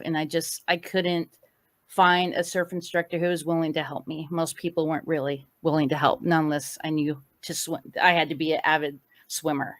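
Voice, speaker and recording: A web show host in her fifties, her voice a little low. She sounds emotional and wavering, pouring out thanks in casual talk. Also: little pitch movement, moderate pace. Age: 50s. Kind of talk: casual interview chat.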